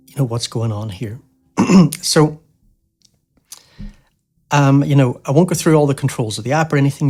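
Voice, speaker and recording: A man's voice: mid-range voice, darkish tone, husky. Man talking through a music app tutorial. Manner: casual, explanatory, with many fillers. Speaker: tutorial host. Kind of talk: screen-recorded software tutorial.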